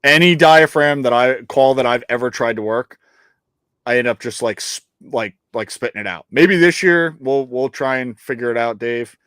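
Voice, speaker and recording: A co-host with a mid-range, slightly bright, clear and resonant voice speaks at normal speed with fairly even intonation, recorded at studio quality with no echo. In a casual podcast chat he's boastful and joking, swearing freely and trailing off into fillers.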